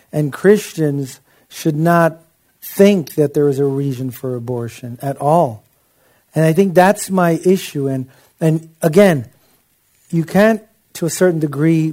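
Mellow-voiced man preaching conversationally. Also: a little high. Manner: impassioned, conversational preaching with asides. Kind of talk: sermon.

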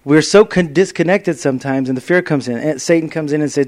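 Fairly high-voiced male preacher. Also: fairly quick, few pauses. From Las Vegas area. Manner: lively storytelling, acting out dialogue. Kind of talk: sermon.

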